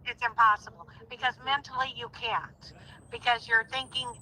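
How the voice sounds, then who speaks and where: Brief: middle-aged woman, very bright and slightly high voice, earnest and emphatic. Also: steady tone, moderate pace, poor audio. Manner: heartfelt, rising to indignant outbursts. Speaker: guest. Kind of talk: emotional phone-in conversation.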